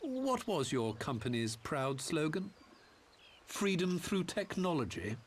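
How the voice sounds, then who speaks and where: Smug game engineer, condescending, boastful, higher voice, lively swings. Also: male voice, slow, a little hiss or hum. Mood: wheedling. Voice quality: grandiose and condescending. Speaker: game character. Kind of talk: video game cutscene acting.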